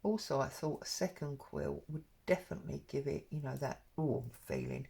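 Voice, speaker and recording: A woman's voice: extremely low pitch, wildly swooping pitch, normal speed, vocal fry, dark tone. A woman talking casually and rambling as she works on an embroidery project, with plenty of ums. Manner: rambling and chatty, with frequent ums. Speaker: craft vlogger. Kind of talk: casual stitch-along chat.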